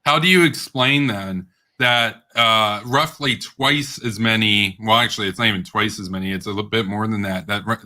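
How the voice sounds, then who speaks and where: A man's voice: fairly low pitch, bright, forceful tone. A man hosting a heated online debate, combative and interrupting, often laughing scornfully. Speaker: debate host.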